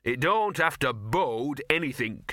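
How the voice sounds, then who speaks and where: A man voicing a scruffy, cynical talking street dog who speaks in gloomy, knowing, drawn-out tones. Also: medium pitch, animated, pushed and bright, no echo, clean studio sound, voice pushed up. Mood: ominous. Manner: gloomy, knowing, drawn-out working-class talk.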